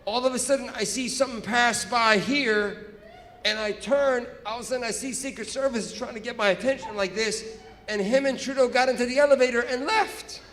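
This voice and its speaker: A man doing stand-up, telling a story in an animated, profane way and acting out scenes on stage. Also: very high-pitched, fairly quick, slight background noise. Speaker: stand-up comedian. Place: stage in a large hall. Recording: echoey hall with reverb.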